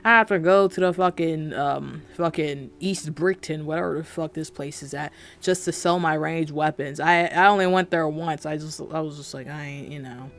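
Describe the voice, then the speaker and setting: Gravelly young man ranting about a game. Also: on the high side, steady tone, normal speed, few pauses, fairly bright tone. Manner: rambling, profane and exasperated, with frequent fillers and restarts. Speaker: game reviewer. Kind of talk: casual spoken game review.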